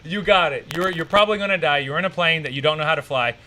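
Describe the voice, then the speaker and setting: A man hosting a stream, reacting to clips in a rambling, profane, excitable way. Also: on the high side, quick pace, a little hiss or hum. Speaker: streamer host. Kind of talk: casual reaction commentary.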